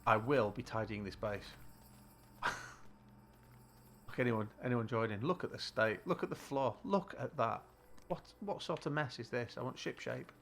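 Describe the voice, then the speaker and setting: A man's voice: medium pitch, a little slow, long pauses, a bit bright, slight background noise. A British man streaming a game live, talking to himself in a casual, muttering way as he plays. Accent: British English. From Britain. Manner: muttering to himself while playing.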